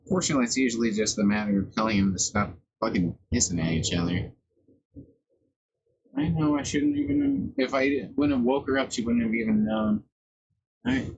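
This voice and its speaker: A man's voice: medium pitch, big pitch swings, normal speed, pauses often, darkish tone, lo-fi sound, slight background noise. A man livestreaming while working on a song, chatting in a loose, rambling and profane way. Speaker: livestreamer making music. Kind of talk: casual live-stream chat.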